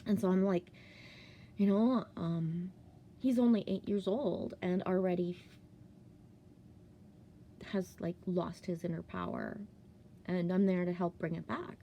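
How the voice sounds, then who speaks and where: A woman's voice: lowish voice, steady tone, unhurried, vocal fry, long pauses, warm tone, dull audio, a little hiss or hum. A woman from Ontario, Canada, telling a personal story in a casual vlog, swearing often, filling with "like" and sometimes dropping to a whisper. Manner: heavy swearing, many "like" fillers, drops to whispers. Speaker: vlogger.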